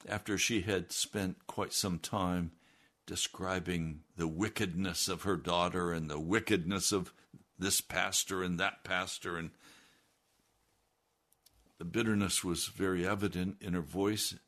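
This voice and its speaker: A man, a pastor delivering an earnest, deliberate broadcast sermon. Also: sits low, steady tone, a bit bright. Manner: earnest, deliberate preaching with rising emphasis.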